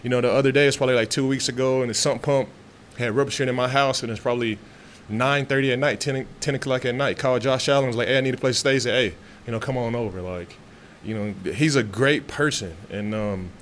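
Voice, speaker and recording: A man's voice: medium pitch, fast talker, few pauses. Man, 30s, laid-back press conference talk, lots of "you know" and restarts, mid-range voice, faint background hum. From Texas. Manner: relaxed, talkative, frequent fillers and restarts. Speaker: football player at press conference. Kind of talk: casual press interview. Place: media room after practice.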